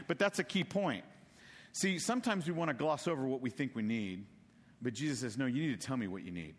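A man's voice: medium pitch, quick pace, long reverb tail. A man from Texas preaching a casual sermon, telling stories and acting out the characters in funny voices. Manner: animated storytelling, acts out characters with voices.

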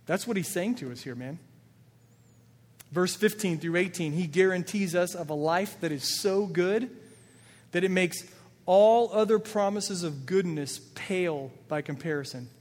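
A man's voice: high voice, unhurried, a little mellow. Earnest male pastor in an echoing hall. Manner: earnest, builds emphasis, quoting scripture with feeling. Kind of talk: sermon. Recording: long reverb of a large hall.

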